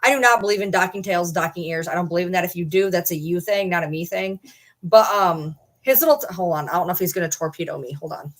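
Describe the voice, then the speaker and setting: A woman's voice: lowish voice, fast talker. A woman vlogging casually from home, rambling and swearing offhandedly while talking to her dogs. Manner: rambling, swears casually, talks to her dog mid-sentence. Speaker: channel host. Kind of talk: casual vlog chat.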